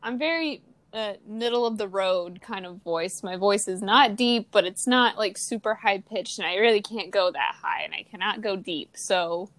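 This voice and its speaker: A young woman co-hosting a podcast in casual chat, playful and giggly with quick asides. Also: medium pitch, expressive, a bit bright, no echo. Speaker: podcast co-host.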